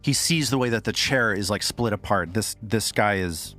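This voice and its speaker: A man's voice: on the low side, moderate pace, bright, forceful tone, soft background music. A man narrating a tabletop game as game master, with loose descriptive speech.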